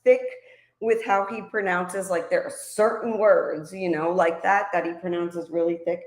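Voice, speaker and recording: A woman's voice: lowish voice, steady tone, normal speed, a little mellow, reverberant. A woman guest on a casual livestream chat, telling stories about her family in a chatty way and laughing often.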